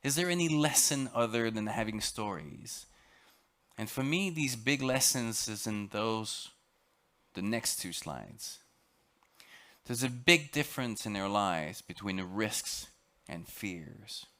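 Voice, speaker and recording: Deep-voiced French-accented man lecturing. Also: lively intonation, a bit bright. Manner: dramatic, emphatic, with halting repeats. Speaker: expedition lecturer. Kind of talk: motivational storytelling lecture. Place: lecture on a cruise ship.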